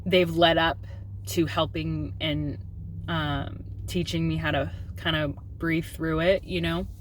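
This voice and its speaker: A woman in her thirties speaks in a candid home vlog, open and confessional, sprinkling in ums. Her voice sits on the lower side. A faint hiss of room noise runs under her. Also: little pitch movement, slow pace. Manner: open and confessional, with filler ums and self-deprecating laughs. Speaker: mom vlogger.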